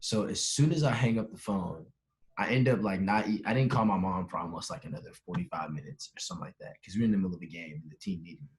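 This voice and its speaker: A man's voice: low voice, fast, slight background noise. A young man, a podcast guest, telling a story in casual chat and animatedly acting out the voices of the people he quotes. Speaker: podcast guest, professional baseball player.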